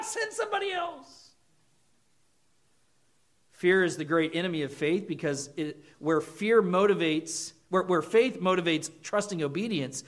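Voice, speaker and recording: A man delivering a sermon, his voice sitting fairly high for a man. He preaches earnestly, throwing questions at his listeners and slipping into short acted quotes. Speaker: pastor.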